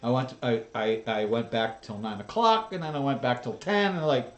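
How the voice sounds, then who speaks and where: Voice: medium pitch, normal speed, roomy sound. A streamer giving sarcastic, worked-up reaction commentary on a cooking video, swearing often.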